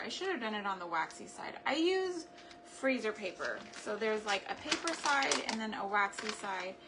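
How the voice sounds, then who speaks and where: A chatty woman talks through a craft project in her home kitchen, thinking aloud and chuckling when things go wrong. Her voice sits at an ordinary middle pitch for a woman. Clear background noise runs under the recording. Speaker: craft and homestead vlogger. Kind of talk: casual crafting chat to camera.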